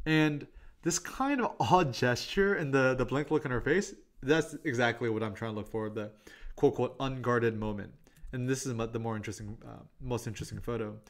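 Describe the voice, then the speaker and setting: A man presenting tips on street photography in a relaxed, chatty way. He talks quickly and tells his stories with plenty of "um" and "I'm like", at a middle pitch. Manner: chatty and quick, with many fillers and "I'm like" asides. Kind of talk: casual presentation with anecdotes.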